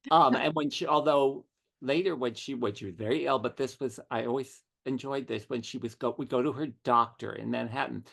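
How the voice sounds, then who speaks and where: A man's voice: mid-range voice, gravelly. A middle-aged man, a writer, telling witty anecdotes as an interview guest. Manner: witty, animated storytelling with quick asides. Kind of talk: conversational anecdotes.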